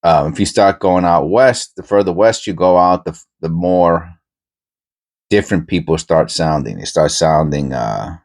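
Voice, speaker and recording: A middle-aged man with a New York accent softened toward Pennsylvania talk, chatting casually and meandering with many pauses while he searches coin rolls. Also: low-pitched. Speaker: coin roll hunting host. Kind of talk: casual rambling chat while searching coins.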